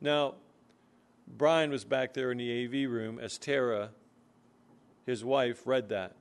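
A man preaching a sermon, earnestly explaining scripture and reading verses slowly. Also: mid-range voice, steady tone, gravelly, clean tone. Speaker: pastor.

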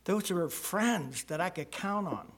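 A high-sitting, slightly rough male voice with lively intonation belongs to an older church member sharing his personal testimony with the congregation. He tells it slowly and earnestly, swelling into emphasis at the key moments.

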